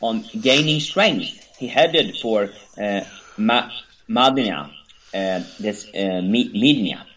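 A man co-hosting a talk show, reading a history text aloud in a halting, hesitant way, with many fillers and stumbles over names. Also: fairly low pitch, lively intonation, fairly bright tone, low-quality recording. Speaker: podcast co-host.

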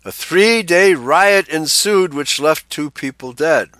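A man's voice: fairly high pitch, animated, slow, hardly any pauses, a bit bright, no room sound. A pastor reading an article aloud, breaking in with blunt asides of his own. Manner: reads out text, then breaks in with blunt asides.

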